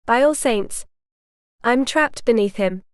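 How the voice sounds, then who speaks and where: A woman voicing a proud, stubborn young noblewoman who speaks indignantly and with a sharp tongue. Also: fairly high pitch, lively intonation, slow, smooth, no room sound, studio quality.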